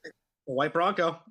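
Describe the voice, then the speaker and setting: A man's voice: on the high side, pushed and bright, highs cut off. A man co-hosting a casual podcast, cracking jokes. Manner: joking, wisecracking. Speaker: podcast co-host.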